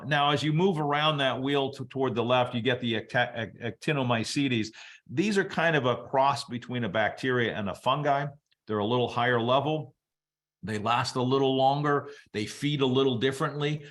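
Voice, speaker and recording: A man presenting a webinar, explaining soil biology at a relaxed teaching pace with casual asides. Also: mid-range voice. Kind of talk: explaining soil science to an audience.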